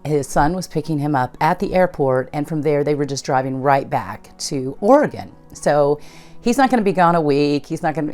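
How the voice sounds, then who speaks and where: Low-voiced woman telling a personal story. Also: darkish tone. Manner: conversational, retells events with quoted dialogue. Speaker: channel host.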